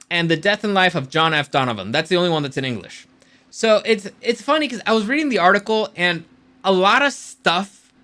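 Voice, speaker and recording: Man, casual commentary host, blunt and opinionated, bright forceful voice, slightly high pitch.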